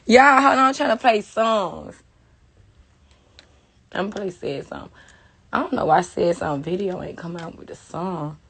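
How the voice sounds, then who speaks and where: A woman's voice: mid-range voice, measured pace, pauses often, fairly bright tone, breathy edge. A young woman in a studio, talking casually into her phone during a livestream, joking and laughing between lines. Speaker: livestream host. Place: recording studio. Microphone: phone held close.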